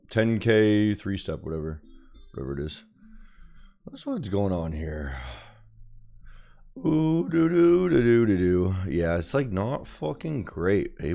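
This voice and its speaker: Low-voiced guy streaming, loose bro slang, mumbles then gets loud, faint music under it. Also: big pitch swings, slow pace, vocal fry, long pauses. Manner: loose and slangy, calls viewers bro and boys. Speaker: trading streamer. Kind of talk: casual live-stream chat.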